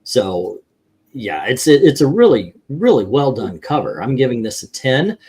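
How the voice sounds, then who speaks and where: A man's voice: medium pitch, very animated, normal speed, a little mellow, husky. A man hosting a casual panel that ranks comic covers. He reads out viewer scores and rambles through his counting with lots of fillers. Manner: rambling, many fillers while counting aloud.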